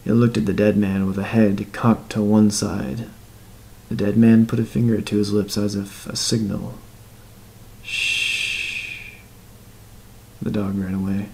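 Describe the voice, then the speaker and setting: A male narrator tells a dark horror story at a measured pace. His voice sits low and has a gravelly, fried texture. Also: level tone, slight background noise, rough recording. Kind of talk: scripted narration.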